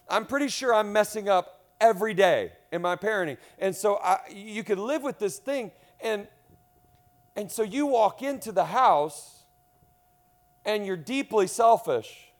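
A pastor with a voice that sits high preaches a sermon to his congregation. He swings between loud emphasis and hushed tones and puts questions to the room.

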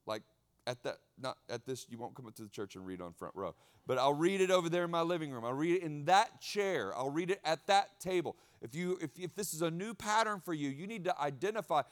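A male pastor delivering a sermon in a lively, conversational way, repeating key phrases and dropping in casual asides. His voice sits a little on the high side for a man. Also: normal speed. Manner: animated, conversational preaching with asides and repetition.

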